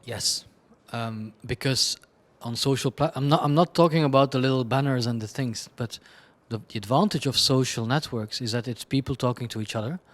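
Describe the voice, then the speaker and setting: Man, creative director being interviewed, chaotic and blunt, ordinary mid-range pitch. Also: normal speed, few pauses. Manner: chaotic, rambling, frequent restarts and laughs; blunt and self-deprecating. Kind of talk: candid conversational interview answers.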